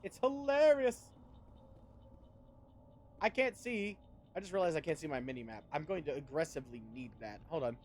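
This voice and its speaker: Guy streaming a game, rambly and sarcastic, swears constantly, bouncy high-ish voice. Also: expressive, normal speed, pauses often, darkish tone, a little hiss or hum. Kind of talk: casual game commentary.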